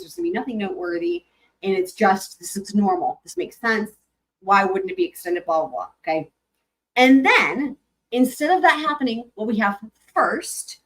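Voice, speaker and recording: A woman hosting a live stream, reading court filings aloud and commenting on them in a chatty, animated way. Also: medium pitch, poor audio. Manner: chatty, animated, breaks into sung snippets.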